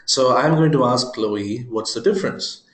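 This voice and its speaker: A man giving a screen-recorded software demo, talking his viewers through it with joking, chuckling asides. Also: medium pitch, normal speed, echoey room. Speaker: software presenter.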